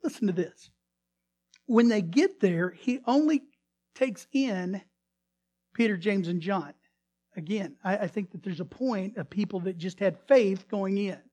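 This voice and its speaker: A high-pitched man speaks unhurriedly as a pastor delivering a sermon. He tells a story with great drama, frequently restarting or repeating his words, and his voice swings between loud emphasis and hushed tones.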